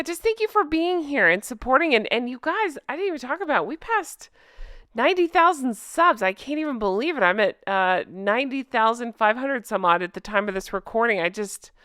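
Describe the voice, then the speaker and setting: A woman's voice: fairly high pitch, fairly bright tone, dry recording, studio quality. A woman from the American South hosting her channel in casual chat, chatty and full of thanks to her viewers. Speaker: channel host.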